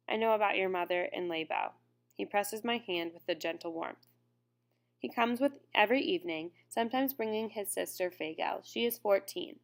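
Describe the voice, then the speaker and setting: A woman narrating a first-person audiobook in a measured, reflective reading. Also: medium pitch, gravelly.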